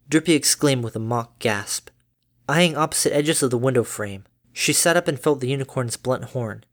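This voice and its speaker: A woman narrating a fan fiction story in a steady, unhurried way. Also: extremely low pitch.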